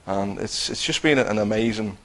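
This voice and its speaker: A man's voice: on the low side, moderate pace, a bit bright, poor audio. A man telling a personal faith testimony in a conversational way, acting out what he and others said. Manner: conversational, acts out his own quotes, many restarts.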